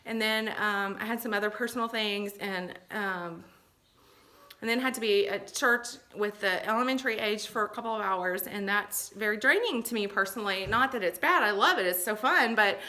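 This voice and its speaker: Bright, chatty woman vlogger. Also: medium pitch, normal speed. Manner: chatty, reassuring, full of fillers and asides. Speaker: vlogger giving shopper tips. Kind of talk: casual instructional vlog.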